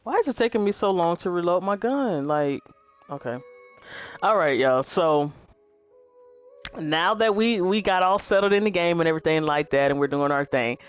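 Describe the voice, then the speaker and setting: Woman streamer, laid-back talker who speaks straight to her viewers, soft music bed underneath. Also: low voice, moderate pace, clean tone. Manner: chatty, relaxed, says "y'all" and "um" a lot. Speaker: gaming YouTuber. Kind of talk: casual gameplay commentary.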